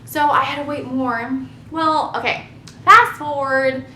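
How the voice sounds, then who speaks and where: A young woman casually telling her labor story to camera, chatty and animated, laughing at herself now and then. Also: a little slow. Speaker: vlogger. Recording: echoey room with faint rumble.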